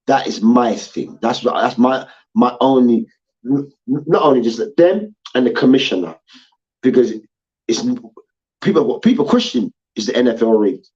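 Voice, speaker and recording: A man's voice: mid-range voice, expressive, normal speed, a little mellow, muffled recording. A man hosting a heated sports debate show, ranting and swearing, repeating his points and mocking people with chants.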